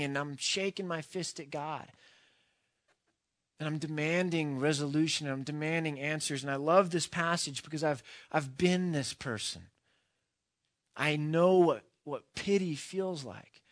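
A man's voice: on the high side, unhurried, dry recording, studio quality. A man reading a storybook passage aloud, then speaking earnestly and reflectively in a sermon.

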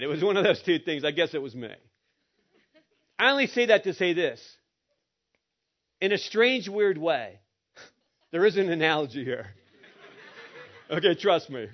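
High-voiced man telling a funny sermon story. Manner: humorous storytelling. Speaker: pastor. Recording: muffled lo-fi recording.

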